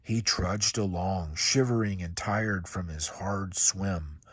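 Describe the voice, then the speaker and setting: A man with a low voice reads a children's storybook aloud, calm and measured, slowing down to let the story breathe. The recording is close and very dry, with no room sound. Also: slightly rough, no echo. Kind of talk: reading a children's book aloud.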